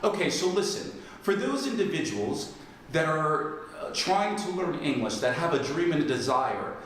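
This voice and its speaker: Host: excitable man, higher-pitched voice, very roomy echo, faint hiss. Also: moderate pace. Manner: enthusiastic, repeats phrases. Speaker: interview host and English teacher. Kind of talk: casual interview. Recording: very echoey room, faint noise.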